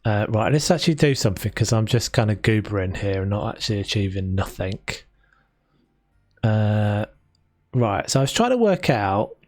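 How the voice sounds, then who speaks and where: A man's voice: on the low side, big pitch swings, moderate pace, darkish tone, dry recording, studio quality. A man from South London with a London accent, chatting casually and rambling on a live stream while he builds in a game. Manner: chatty and rambling, with frequent restarts.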